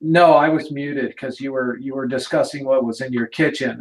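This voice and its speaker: A man's voice: mid-range voice, steady tone, moderate pace, hardly any pauses, low-quality recording. A man joining a live video hangout remotely, explaining things in a matter-of-fact, casual way. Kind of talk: casual chat, explaining tech problems. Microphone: remote video call.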